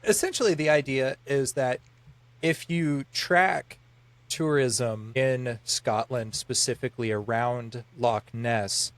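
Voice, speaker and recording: A man's voice: medium pitch, dry recording. A man co-hosting a podcast in casual chat, rambling through explanations with lots of filler words. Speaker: podcast co-host.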